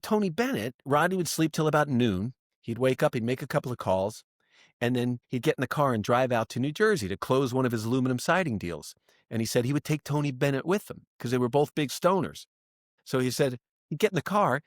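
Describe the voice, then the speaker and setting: A middle-aged male comedian telling animated stories as a podcast guest, acting out quotes. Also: medium pitch, no room sound, clean studio sound. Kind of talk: casual storytelling.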